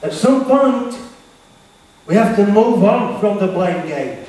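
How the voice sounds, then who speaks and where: A man's voice: high voice, lively intonation, takes it slowly, a little mellow. A man giving an emphatic, repetitive motivational keynote to teenagers, talking straight to the audience. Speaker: motivational speaker. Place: large hall with teenage audience. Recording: echoey hall from far off.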